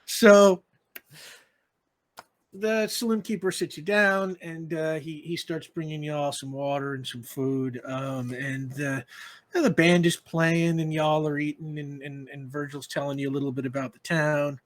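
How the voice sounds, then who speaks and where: Man, game master, narrating a tabletop game, relaxed and meandering, a bit high-pitched. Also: measured pace. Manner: relaxed, filler-heavy narration.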